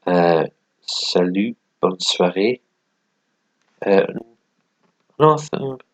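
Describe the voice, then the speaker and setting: Slow, deep-voiced hesitant man. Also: lively intonation. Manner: hesitant, many ums and restarts. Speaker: language learner. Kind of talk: casual lesson commentary.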